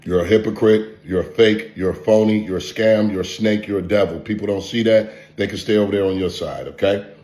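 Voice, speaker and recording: A man's voice: lowish voice, fairly even intonation, fairly quick, warm tone. A man, an online content creator, delivering a profane, taunting vlog rant full of repeated insults. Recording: roomy echo.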